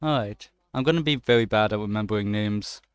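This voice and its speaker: A young man talks through a game in a smooth, resonant voice, recorded close and dry. He jokes, swears freely and jumps to excited yelps as he plays. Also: on the low side, a little fast, no echo. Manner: excitable, swears often, jokey running commentary. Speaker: gaming channel host. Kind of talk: let's play commentary.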